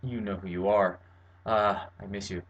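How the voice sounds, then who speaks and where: A man's voice: fairly low pitch, fairly even intonation, moderate pace, dull audio, a little hiss or hum. A young man talking to camera from his bedroom in a casual, verbose monologue, full of fillers and restarts as he explains something. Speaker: vlogger. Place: bedroom at home.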